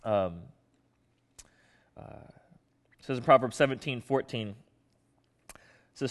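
A man's voice: medium pitch, animated, slow pace, pauses often, big-room sound. Man preaching with a self-mocking storyteller's tone. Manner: conversational, self-mocking, with many fillers. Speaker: pastor. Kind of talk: humorous storytelling sermon.

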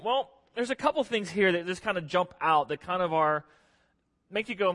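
Male pastor, slightly high voice, relaxed sermon with put-on voices, long reverb. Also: normal speed. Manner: joking, acts out voices of churchgoers. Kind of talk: casual conversational sermon.

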